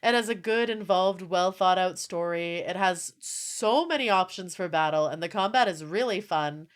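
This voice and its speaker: A young woman streaming and chatting casually with her viewers, animated and swearing often, with frequent laughter. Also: on the low side, moderate pace. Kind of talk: casual live-stream chat.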